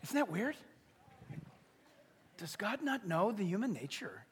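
A male pastor preaching a sermon in a humorous, animated way, acting out little everyday scenes. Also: sits high, a little slow, breathy edge, in a large hall.

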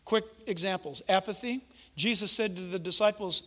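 A male preacher giving an animated, conversational sermon and acting out the quotes he tells. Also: high-pitched, fast talker. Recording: echoey hall reverb.

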